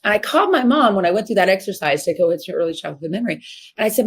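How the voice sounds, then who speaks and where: A woman's voice: rapid-fire, slightly rough. A woman in her fifties from Missouri, a horse trainer telling her story as a guest in an interview, acting out the voices of people she quotes. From Missouri, USA. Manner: animated, acts out quoted voices with sharp pitch jumps.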